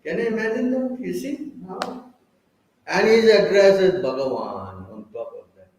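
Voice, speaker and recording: A man preaching slowly and deliberately in a scripture class, stopping often to quiz and tease his listeners. His voice sits a little high for a man. He is recorded from a distance in a very echoey temple hall. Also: lively intonation, a little mellow, a little hiss or hum.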